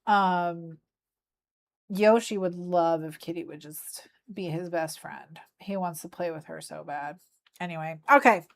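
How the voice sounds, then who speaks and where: A woman's voice: on the low side, measured pace. A woman streaming from her craft desk, chatting playfully and talking to her cat as she works. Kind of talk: casual chat while crafting. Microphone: desk mic, faceless desk view.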